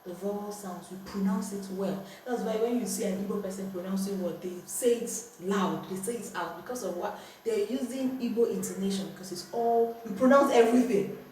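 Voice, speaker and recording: A woman's voice: mid-range voice, brisk, a little mellow. A woman with a Nigerian accent teaching a language lesson at home, firmly correcting and repeating words with exaggerated tones. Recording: echoey room, distant mic, faint noise.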